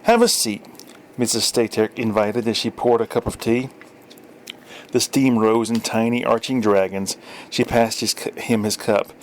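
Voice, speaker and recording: A man's voice: on the low side, little pitch movement, normal speed, slight background noise. A man reading a story aloud in a dry, wry storytelling manner with small self-corrections. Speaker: story reader. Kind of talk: audiobook narration.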